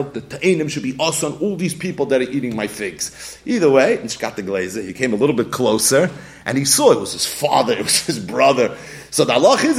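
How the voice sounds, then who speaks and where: A man teaching a Talmud lecture, animated, acting out little scenes and laughing often. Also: on the high side. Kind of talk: yeshiva-style Talmud lecture.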